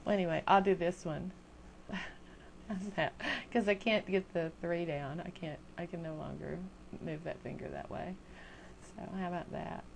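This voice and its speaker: A woman's voice: lowish voice, fairly even intonation, moderate pace, creaky, slight background noise. An older woman ranting casually into a webcam at home, chatty, exasperated and self-mocking. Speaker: video blogger. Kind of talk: casual rant to camera.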